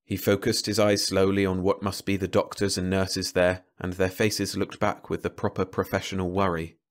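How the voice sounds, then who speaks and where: A man narrating a science fiction novel as an audiobook, with a slow, even storytelling delivery. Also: low-pitched.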